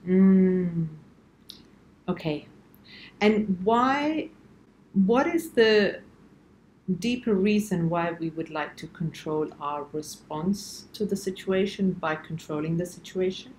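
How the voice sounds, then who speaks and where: A woman's voice: lowish voice, takes it slowly, a little mellow, roomy sound, slight background noise, poor audio. A woman hosting a conversational interview, enthusiastic and affirming as she asks probing questions. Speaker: host.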